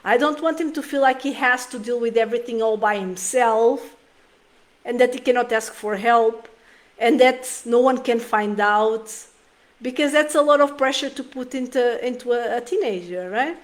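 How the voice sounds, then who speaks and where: High-voiced earnest woman talking parenting. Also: normal speed. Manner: earnest, emotional, many restarts. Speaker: parenting vlogger. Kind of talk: casual talk to camera.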